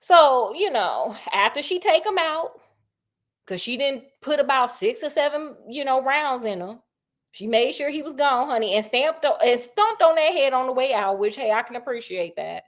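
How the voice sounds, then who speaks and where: High-voiced animated woman storyteller. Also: normal speed. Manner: animated, slangy, asks listeners questions. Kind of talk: casual story retelling.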